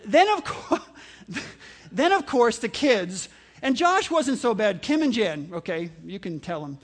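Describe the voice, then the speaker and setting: A man's voice: very high-pitched, big pitch swings, slow, long pauses. A middle-aged man, a pastor, telling a humorous sermon story with laughter and mimicked voices.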